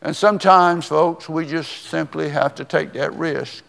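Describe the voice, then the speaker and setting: Older guy preaching, real gravelly voice, takes his time, church reverb all around. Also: on the high side, fairly even intonation, fairly bright tone. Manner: slow, deliberate storytelling with pauses. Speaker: pastor. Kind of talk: sermon. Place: church sanctuary. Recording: long reverb of a church hall.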